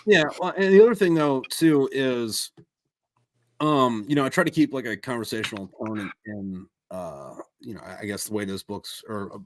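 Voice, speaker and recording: A man hosting a casual podcast chat, halting and full of fillers, swearing heavily as he talks. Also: medium pitch, dry recording. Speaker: podcast host and audiobook narrator.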